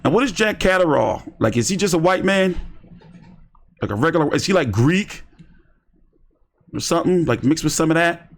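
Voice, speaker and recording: A man's voice: on the high side, lively intonation, moderate pace, long pauses. A man giving rambling, slangy commentary on boxing during a casual live stream. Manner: rambling, slangy, talks to himself while browsing.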